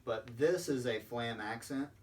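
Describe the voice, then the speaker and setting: In a recorded instructional lesson, a man with a medium-pitched voice explains drum rudiments one step at a time at a measured pace. He's a patient percussion teacher who sprinkles in ums, heard through a distant mic with a little background noise.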